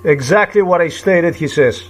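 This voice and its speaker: A man with a slightly high voice recounts a run-in in a loose, rambling way. He stops and restarts often and repeats phrases while he searches for words. An agitated, indignant edge runs through his talk. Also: heavy background noise. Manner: halting, repetitive, searching for words. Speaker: vlogger. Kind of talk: rambling personal account.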